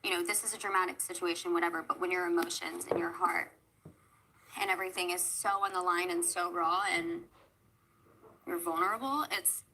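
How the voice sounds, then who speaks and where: A woman on a televised reality show talks softly and hesitantly about her feelings, with many pauses. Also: fairly low pitch, a little hiss or hum, rough recording. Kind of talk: emotional televised interview.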